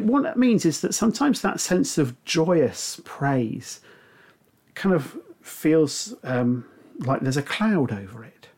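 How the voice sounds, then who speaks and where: A man's voice: mid-range voice, vocal fry, darkish tone, husky. A middle-aged man giving a reflective sermon, with frequent fillers and restarts. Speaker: preacher. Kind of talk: sermon talk.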